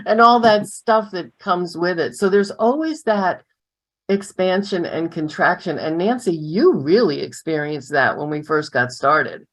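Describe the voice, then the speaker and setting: A woman's voice: lowish voice, animated, unhurried. A woman co-hosting a casual chat, telling stories and laughing often. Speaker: co-founder and co-host.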